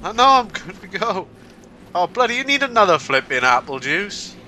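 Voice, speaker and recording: A man's voice: sits high, big pitch swings, normal speed, pushed and bright, slight background noise. A man with a Welsh accent chatting and joking while playing a co-op game. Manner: jokey, laughing banter. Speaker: co-op player. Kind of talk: casual gaming chat.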